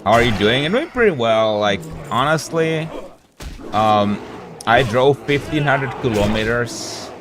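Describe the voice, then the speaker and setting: A man's voice: medium pitch, lively intonation, a little slow, noisy background. A man from Europe, a game streamer, chatting casually with his live audience in a rambling, laid-back way full of slang.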